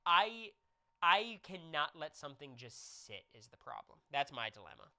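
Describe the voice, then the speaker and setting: A young man chatting on a live stream, his voice bright and forward. He tells stories in a jokey, animated way, playing up the quotes. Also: fairly high pitch, moderate pace. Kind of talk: casual chat with viewers.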